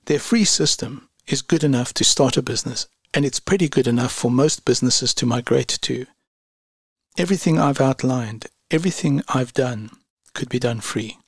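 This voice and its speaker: A man with a gravelly, slightly husky voice reads a scripted product review at a measured, unhurried pace. The sound is dry and close, with no room around it. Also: mid-range voice, no room sound. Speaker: online business reviewer.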